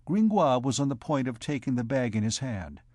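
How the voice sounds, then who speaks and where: A man narrating a classic novel as an audiobook in a steady, even reading. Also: medium pitch, normal speed, no room sound, studio quality. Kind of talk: scripted narration.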